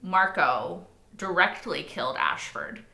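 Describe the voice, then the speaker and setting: A young woman talks casually about a show she has just watched. She fills her talk with likes and rights and swears freely. Her voice has a bright, forward tone, and it rings in an echoey room. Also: on the low side, sing-song, takes it slowly, gravelly. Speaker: reaction video host. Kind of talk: casual spoken commentary.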